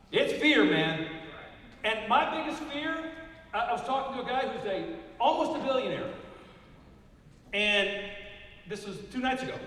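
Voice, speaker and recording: High-voiced older man preaching in an echoey hall. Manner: emphatic, punchy, repeats key numbers. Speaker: motivational speaker. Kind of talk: motivational speech to a live audience. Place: large hall. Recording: echoey hall recorded from far off.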